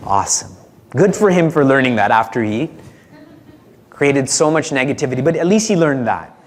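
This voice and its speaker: Animated male spiritual teacher giving a discourse. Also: medium pitch, moderate pace. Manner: conversational, asks the audience questions, chuckles often.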